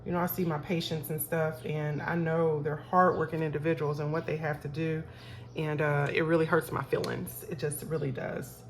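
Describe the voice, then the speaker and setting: A woman's voice: sits low, level tone, normal speed, slight background noise. A woman, talking casually to her viewers while counting cash for her budget. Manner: chatty, talks to viewers as y'all, counts aloud. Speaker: budgeting vlogger.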